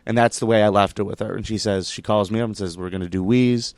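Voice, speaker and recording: A man telling a story as a comedian guest on a casual podcast, animated and swearing, acting out the quotes as he goes. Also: fairly low pitch, fast, no room sound.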